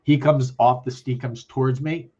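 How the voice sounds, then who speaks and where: A man's voice: medium pitch, normal speed, muffled recording. A man telling a story as a podcast guest, swearing often and acting out what people said. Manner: profane, animated, acts out quotes. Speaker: podcast guest, festival organizer. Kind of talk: casual storytelling.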